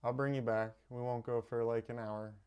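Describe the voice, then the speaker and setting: A man guiding a live breathwork meditation, calmly giving instructions and softly counting the breaths. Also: medium pitch, clear, resonant tone, muffled recording. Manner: slow, calm, counting softly. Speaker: meditation teacher. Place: home streaming setup.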